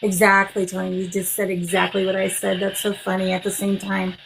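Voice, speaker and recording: A woman runs a live-stream spirit reading in a soft, soothing voice, talking to her guests with endearments like darling and sweetheart. Her pitch sits in the middle for a woman, and a faint hiss runs under the streaming mic. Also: completely flat delivery, fairly quick, creaky, low-quality recording. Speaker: psychic medium hosting a live stream.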